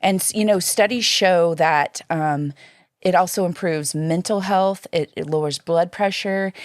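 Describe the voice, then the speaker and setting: Animated woman storyteller with a low pitch and a dry studio sound. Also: no echo. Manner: lively storyteller, acts out quoted voices. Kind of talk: casual interview chat.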